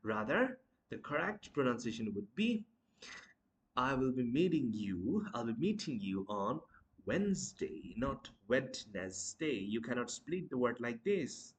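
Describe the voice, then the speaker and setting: Slow, lively-voiced male pronunciation teacher. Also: medium pitch. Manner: slow, repeats words, asks questions. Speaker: language teacher. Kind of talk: pronunciation lesson.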